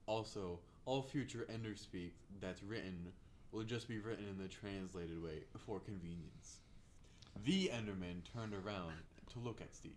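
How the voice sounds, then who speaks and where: Low-voiced man reading a story aloud. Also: moderate pace, a little hiss or hum. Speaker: livestream co-host, story reader.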